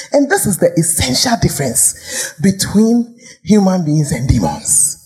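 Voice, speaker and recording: A woman's voice: mid-range voice, sing-song, moderate pace, a little mellow, faint music behind. A woman pastor with a Ghanaian accent preaching a sermon, firing rhetorical questions and sometimes dropping to a whisper.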